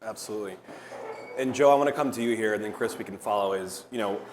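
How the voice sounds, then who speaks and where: Fast-talking man moderating a live panel. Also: on the low side, a little hiss or hum. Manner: upbeat, fast, prompting guests. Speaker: podcast co-host moderating a panel. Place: event stage before a live audience. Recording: long hall reverb, crowd murmur.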